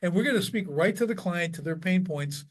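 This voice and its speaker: Animated man, business coach. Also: high-pitched, a little fast. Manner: animated storyteller, acts out quoted lines. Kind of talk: casual podcast interview.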